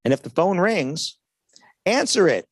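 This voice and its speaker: A trade-show seminar speaker with a slightly high voice pitches a lively, motivational sales talk to his audience, going a little slowly. Casual in manner, he repeatedly asks the crowd "right?" and acts out dialogues, and the recording is dry and close with almost no room sound.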